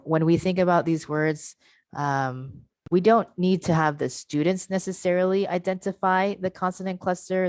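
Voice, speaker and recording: A low-voiced, slightly mellow woman presents an online teacher-training workshop through a computer mic on a video call. She explains step by step, models sounds slowly, and checks in with "right?". The recording is dry.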